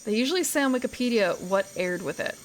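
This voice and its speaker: A woman's voice: medium pitch, expressive, fast, a little hiss or hum. A woman streamer chatting casually while she plays, rambling and correcting herself as she goes. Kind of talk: casual gaming commentary.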